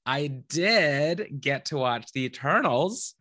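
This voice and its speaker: Animated man co-hosting a podcast. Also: a little high, slow pace, no echo. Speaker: podcast co-host. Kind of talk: casual chat.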